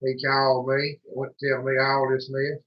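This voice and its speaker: A man's voice: medium pitch, monotone, normal speed. A man with a Southern US accent, telling folksy stories as a livestream co-host in casual chat. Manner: folksy drawling storyteller. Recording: echoey room, dull lo-fi sound.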